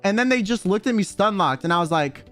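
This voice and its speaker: A young man streamer telling a rowdy story in casual chat, animated and swearing often as he acts out quotes. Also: high voice, quick pace, faint music behind.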